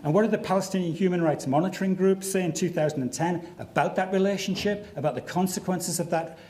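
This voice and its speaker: A middle-aged man giving a formal, measured and emphatic debate speech full of rhetorical questions, heard in a large lecture hall. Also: high-pitched, mellow. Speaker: debate speaker. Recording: echoey hall recording.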